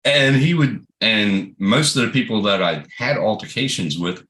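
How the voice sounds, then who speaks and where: A man's voice: on the low side, lively intonation, normal speed, fairly bright tone. A man with a Southern American accent, telling blunt, profane stories in casual chat. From Southern United States.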